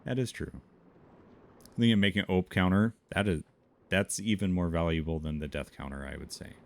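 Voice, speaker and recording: A man's voice: sits low, moderate pace, creaky. A man with a Minnesotan accent, chatting casually with his chat while streaming a game, laughing often. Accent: Upper Midwestern (Minnesotan). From Montana, USA. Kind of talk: casual gameplay commentary.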